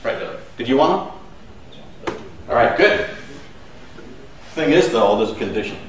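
A man's voice: mid-range voice, expressive, measured pace. Man in his fifties, echoey hall. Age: 50s. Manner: chatty, joking with the audience. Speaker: conference speaker. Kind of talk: live conference presentation. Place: large conference hall. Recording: echoey hall, mic at a distance.

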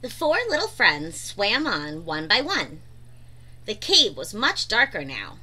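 Read-aloud storyteller, woman, slow and bright, expressive children's reading. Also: medium pitch.

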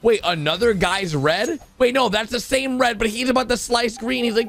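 Very high-voiced excitable man. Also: vocal fry. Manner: excitable, exclaiming, quick gasps and laughs. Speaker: YouTube host. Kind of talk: excited reaction commentary.

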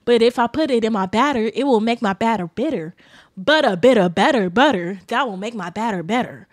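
A woman streamer giving casual, loud, playful commentary while reacting to a video, often reciting tongue twisters herself. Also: fairly high pitch, expressive, brisk.

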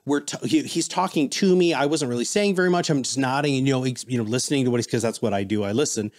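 A man's voice: medium pitch, fast. A man guest on a business podcast, telling stories in casual interview talk and acting out the people he quotes. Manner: animated storyteller, quotes people in voices.

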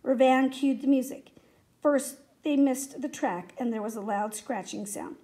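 A woman reading a children's story aloud in a steady, expressive way. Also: high-pitched, normal speed. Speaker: reader.

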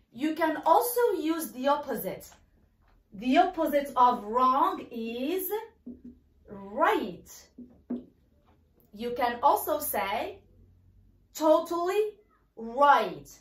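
Lively high-voiced woman teaching English. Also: echoey room. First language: Arabic. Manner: slow, stressed model pronunciations of words. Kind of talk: bilingual language lesson.

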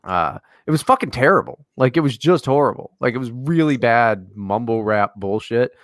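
Animated, profanity-laden male podcast host. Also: mid-range voice, moderate pace, dry recording, studio quality. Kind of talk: casual chat.

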